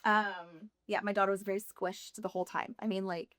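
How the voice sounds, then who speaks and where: A woman's voice: mid-range voice, fairly even intonation, moderate pace, a bit bright. A woman sharing her personal faith testimony as a podcast guest, telling it candidly and laughing often.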